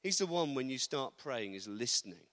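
A man preaching a sermon, animated, acting out quotes with humorous asides. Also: medium pitch, normal speed. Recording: long reverb of a large hall.

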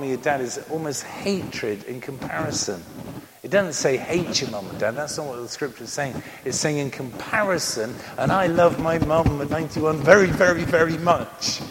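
A man in his sixties preaching a sermon, joking and telling stories between repeated amens. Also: on the high side. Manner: animated, joking storyteller with many amens. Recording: reverberant hall with faint noise.

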